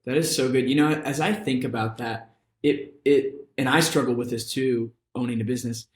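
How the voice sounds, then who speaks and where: A man's voice: mid-range voice, fairly even intonation, moderate pace. A man hosting a podcast interview, upbeat and affirming, with many hesitant restarts. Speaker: podcast host.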